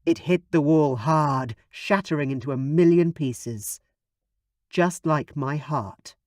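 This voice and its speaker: A man narrating a first-person paranormal romance audiobook in a slow, steady way. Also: fairly high pitch, no echo, clean studio sound.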